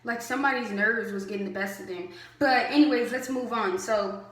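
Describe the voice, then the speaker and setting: A woman's voice: on the high side, a little fast. A young adult woman vlogger telling a story casually to camera, chatty and full of fillers. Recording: roomy echo.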